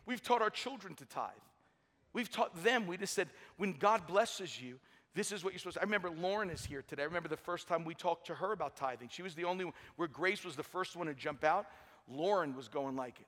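A man's voice: high-pitched, expressive, normal speed, pushed and bright. A middle-aged man preaching a sermon with energy and humor in a large church. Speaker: pastor. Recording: long hall reverb.

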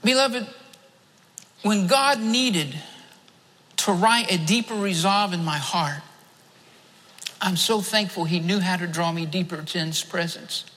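A man's voice: high voice, a little slow, long pauses, bright, forceful tone. A male preacher delivering a fervent sermon, repeating phrases for emphasis and telling a story from a dream. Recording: long hall reverb.

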